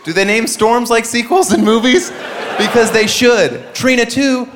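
A man performing stand-up comedy in an animated, joking way. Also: very high-pitched, measured pace. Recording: loud crowd and noise from a live club. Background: loud crowd.

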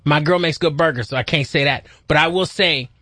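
Radio host, male, bright and raised pitch, loose self-mocking banter. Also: a little fast, dry recording. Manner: chatty, self-mocking, stumbles over words. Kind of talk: casual morning radio chat. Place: radio studio. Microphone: close studio mic.

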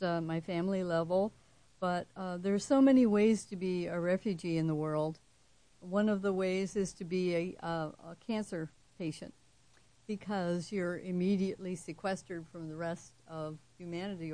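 A woman poet reading her own poem and then talking about it as an interview guest, soft-spoken with slow, measured emphasis. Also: on the low side, no echo. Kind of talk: poetry reading and interview answers.

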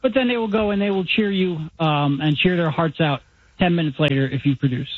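A man, a guest sports reporter, answering interview questions in a measured, hedging way over the phone on radio. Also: on the high side, husky, dry recording. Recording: tinny phone line.

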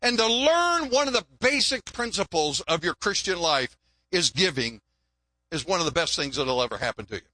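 An older man preaches in a folksy, storytelling way, stumbling over and repeating words. His voice sits high for a man and sounds bright, and the recording is dry and close. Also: big pitch swings, moderate pace, no echo. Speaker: pastor. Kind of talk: sermon. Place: church.

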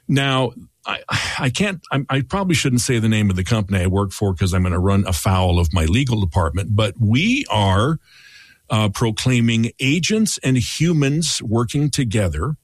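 A man's voice: lowish voice, very animated, brisk, breathy edge, dry recording, clean studio sound. A man hosting a casual podcast chat, reflective and thinking aloud. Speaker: podcast host.

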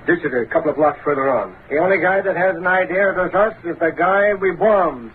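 A man's voice: on the high side, brisk, slight background noise, close to an everyday voice. An actor playing an eager, deferential henchman in a 1940s radio drama, heard through a tinny old broadcast recording. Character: eager adult male henchman to a racketeer.

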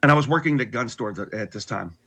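Casting: middle-aged man with a husky voice, candid and unpolished, sharing a hard personal story. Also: medium pitch, expressive, fast talker, bright, forceful tone. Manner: candid, with frequent restarts and wry laughs. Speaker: guest telling his conversion story.

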